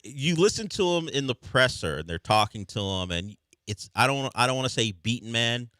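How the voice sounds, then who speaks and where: A man's voice: mid-range voice, lively intonation, moderate pace, a bit bright, dry recording, clean studio sound. A man hosting a sports radio show, talking casually and rambling with restarts. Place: radio studio.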